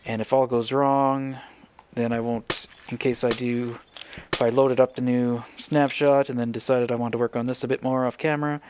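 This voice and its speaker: A man's voice: mid-range voice, flat delivery, moderate pace, noisy background. A man giving casual, rambling commentary on his building game, thinking aloud and correcting himself as he goes. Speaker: Minecraft let's player.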